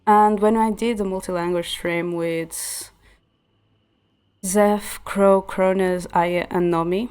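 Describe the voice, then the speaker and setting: Slow, clear and resonant, this woman's mid-range voice keeps a fairly even intonation. She's a streamer from central Portugal, a native Portuguese speaker chatting casually in accented English while gaming, and her explanations are full of fillers and restarts over soft background music.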